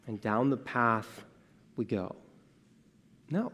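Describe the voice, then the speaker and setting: A man preaching a sermon as pastor, earnest and conversational, moving between emphatic lines and hushed asides and posing rhetorical questions. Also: medium pitch, slow, pauses often. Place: church sanctuary. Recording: long church reverb.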